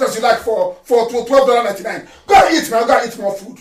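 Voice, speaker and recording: A man with a Nigerian accent gives an impassioned live address to his followers. He is fiery and scornful, shouts often and slips into Igbo phrases. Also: very high voice, quick pace, hardly any pauses. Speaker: political activist leader addressing followers. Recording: echoey room, speaker far from the mic.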